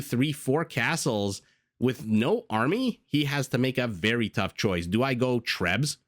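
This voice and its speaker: A man casting a strategy video game, reviewing the match in a chatty, self-deprecating way with frequent filler pauses. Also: mid-range voice, a bit bright, no room sound, clean studio sound. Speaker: game caster. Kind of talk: post-game esports commentary.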